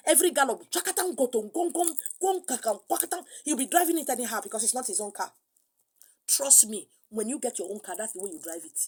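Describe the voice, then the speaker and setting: A middle-aged woman with a Nigerian accent preaching a sermon, animated, slipping into pidgin and acting out other voices. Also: mid-range voice, breathy edge. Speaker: spiritual teacher.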